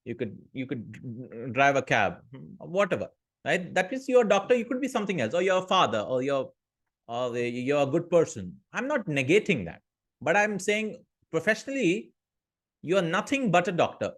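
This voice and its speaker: A man's voice: a little high, very animated, normal speed. A man teaching an online Arabic grammar lesson, explaining step by step and often checking in with listeners. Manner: explanatory, checks in with "right?" and "hmm?".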